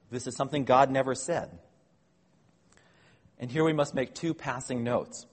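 A man gives a measured scripture lecture in a slightly husky voice. He explains each point patiently and corrects himself now and then. His voice rings with a long reverb, as if heard in a large hall. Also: fairly high pitch. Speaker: Bible teacher.

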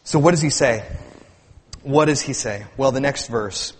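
A man's voice: medium pitch, moderate pace, in a large hall. A man preaching a sermon as pastor, earnest, with rising and falling emphasis and frequent repeated words.

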